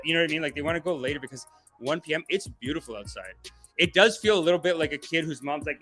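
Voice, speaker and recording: A man's voice: fairly high pitch, expressive, fast talker, sharp tone, faint music behind. A man hosting a livestream as a comedian, rambling through tangents, joking around and reading viewer comments aloud. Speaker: comedian and show host.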